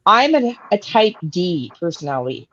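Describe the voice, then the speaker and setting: A woman's voice: on the low side, very animated, fairly bright tone, dry recording, muffled recording. A blunt, outspoken woman host giving casual commentary on a clip, swearing freely. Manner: blunt, swears, talks in quick bursts.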